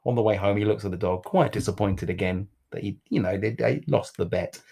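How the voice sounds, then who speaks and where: A man's voice: lowish voice, fairly quick, creaky, warm tone, slightly rough. A man co-hosting a casual podcast, teasing and giggling while telling jokes. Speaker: podcast co-host.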